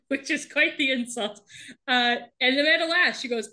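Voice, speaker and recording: A woman's voice: a little high, lively intonation, moderate pace, sharp tone. A woman co-hosting a podcast, animatedly retelling a TV episode in casual chat and laughing often. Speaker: podcast co-host recapping a TV show.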